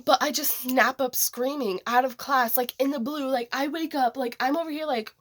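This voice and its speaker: Casual storytelling woman vlogger, a bit high-pitched, rambling with lots of "like". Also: steady tone, moderate pace, a bit bright. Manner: rambling, heavy use of "like".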